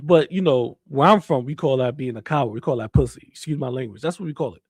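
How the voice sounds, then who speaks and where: A man's voice: mid-range voice, quick pace, husky, dry recording. A man ranting in heated commentary, repeating himself, swearing and trash-talking, recorded close on a desk mic indoors. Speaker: commentary streamer.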